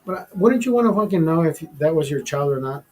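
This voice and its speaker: A man's voice: fairly high pitch, lively intonation, a little fast, a little mellow, soft background music, poor audio. A man hosting a live stream, telling a personal story in a rambling, profane way full of fillers and restarts. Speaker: show host telling a story. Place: studio.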